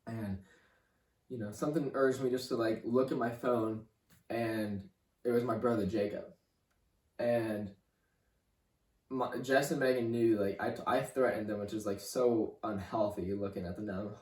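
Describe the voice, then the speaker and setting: Halting young man giving a testimony. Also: fairly low pitch, fairly even intonation, darkish tone, recorded from a distance. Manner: halting, repeats words, leans on "like" and "you know". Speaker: podcast guest. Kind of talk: personal faith testimony. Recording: roomy room, voice off-mic.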